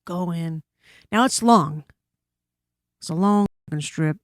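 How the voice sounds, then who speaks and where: A woman guest on a podcast telling a story in casual chat, animated and full of swearing and asides, recorded in a studio. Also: on the low side, takes it slowly, no echo. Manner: animated, profane, frequent asides.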